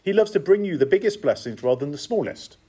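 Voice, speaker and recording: A man delivers a sermon with an animated, swooping voice that sits a little high for a man. He drives his points home through repetition and chatty asides to the congregation. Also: fast, husky. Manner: lively, emphatic, repetitive cadence with conversational asides. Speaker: preacher.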